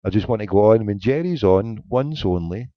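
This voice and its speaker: A man's voice: lowish voice, animated, moderate pace, no echo. A man hosting a casual live internet radio show, joking in mock indignation while reading a chat. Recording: dry, dull lo-fi internet radio sound.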